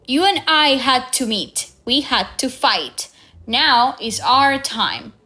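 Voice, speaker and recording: A woman's voice: high-pitched, expressive, slow, bright, forceful tone, full character voice. A woman voicing an obsessed old male whaling captain in a storybook reading, with a raised, commanding voice. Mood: determined.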